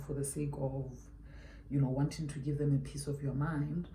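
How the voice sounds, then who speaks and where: A woman's voice: low voice, warm tone, echoey room, slight background noise. A South African woman telling a story while doing her makeup, emphatic and chatty, repeating her points for weight. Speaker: beauty YouTuber.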